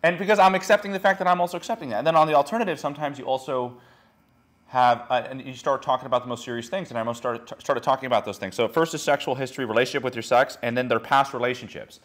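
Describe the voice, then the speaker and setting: A man's voice: medium pitch, racing. A young man lecturing a small group as a dating coach, telling blunt stories with lots of "like", often acting out what others said. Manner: frank, animated storytelling, acting out quotes, many "like"s.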